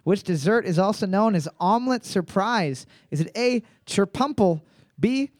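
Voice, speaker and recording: A man hosting live trivia, reading each question twice in a slow, drawn-out way and joking between questions. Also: high-pitched, expressive, dry recording, clean studio sound. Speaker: trivia host.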